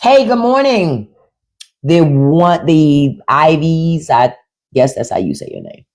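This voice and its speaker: Speaking slowly in a deep, sing-song, darkish voice, a woman delivers unscripted livestream commentary. She's profane and blunt with her viewers, repeating herself for emphasis and turning sarcastic.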